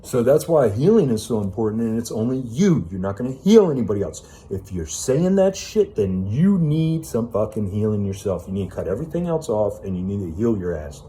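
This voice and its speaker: A man's voice: on the low side, big pitch swings, a little fast, hardly any pauses, warm tone. A man giving an unscripted self-help monologue, ranting with emphatic profanity and casual fillers like "man" and "you know.".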